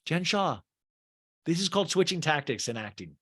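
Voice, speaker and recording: A man's voice: a little high, normal speed, husky. A man hosting a podcast, giving a comedic recap of a reality show and acting out the cast's lines. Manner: animated, swears freely, mimics cast members.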